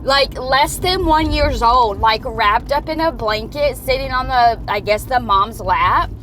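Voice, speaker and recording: A woman's voice: fairly high pitch, unhurried, a bit bright, a little hiss or hum. A woman vlogger ranting and swearing while she drives, talking into her phone. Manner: swearing, heated and rambling. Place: in a car.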